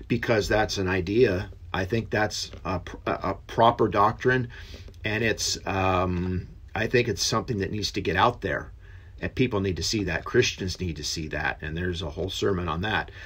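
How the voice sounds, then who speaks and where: Guy with a lowish voice doing a laid-back bible study, earnest, lots of ums and uhs. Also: fairly bright tone, husky. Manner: earnest, rambling, with many fillers. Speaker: lay Bible teacher. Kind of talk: casual Bible study talk.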